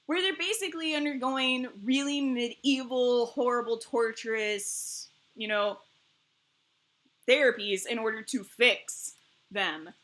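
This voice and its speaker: A woman streamer in casual chat, animated and rambling, laughing often between thoughts. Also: on the high side, unhurried. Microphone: streaming mic.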